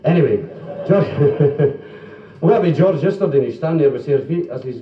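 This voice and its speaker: A man's voice: a little high, lively intonation, normal speed. A Scottish man telling jokes and singing comic songs in live club comedy, with playful banter. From Scotland. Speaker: stand-up comic and singer. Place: police social club function room. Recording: dull roomy 1970s live club recording from a distance. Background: band music and laughing audience.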